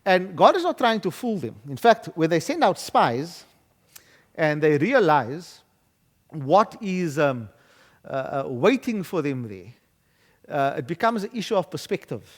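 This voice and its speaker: A man preaching a sermon as pastor, emphatic and building to loud declarations. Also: on the high side, sing-song, unhurried. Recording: long hall reverb.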